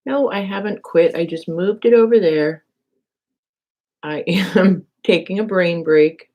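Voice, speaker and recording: A woman's voice: on the low side, takes it slowly, highs cut off. A woman hosting a casual live crafting demo, chatty and self-mocking, thinking aloud while she works and talking to viewers. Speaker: crafting channel host. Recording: steady background noise with clicks.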